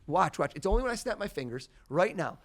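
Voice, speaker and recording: Theatrical mentalist man, swings loud. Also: sits high, quick pace. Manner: theatrical, rising to loud excited bursts. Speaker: mentalist guest. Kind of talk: live mind-reading performance.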